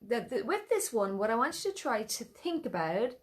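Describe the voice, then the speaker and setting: An Irish woman teaching singing, leading vocal warm-ups and encouraging learners to copy her sounds in a playful way. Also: on the high side, sing-song, moderate pace. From Ireland.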